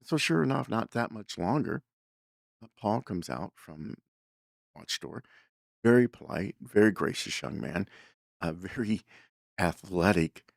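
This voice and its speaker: A man's voice: fairly low pitch, expressive, unhurried, vocal fry, long pauses, no echo, studio quality. A man hosting a show, telling a story in a casual, rambling way, with lots of fillers and self-corrections. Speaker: podcast host.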